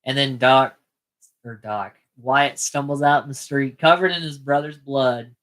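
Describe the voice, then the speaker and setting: Easygoing man with a bright voice. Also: medium pitch, unhurried, poor audio. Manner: laid-back, narrates plot beats, quotes lines. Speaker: podcast co-host. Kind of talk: casual chat recapping a film.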